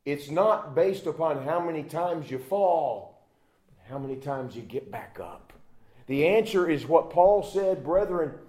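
A man preaching a sermon emphatically, swinging between loud exhortation and hushed asides. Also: a little high, animated, measured pace, echoey room.

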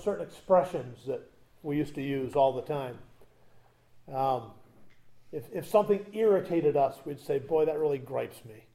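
Man, pastor, sermon, high-pitched, warm tone, loud emphatic lines and quiet asides. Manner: conversational, tells humorous anecdotes.

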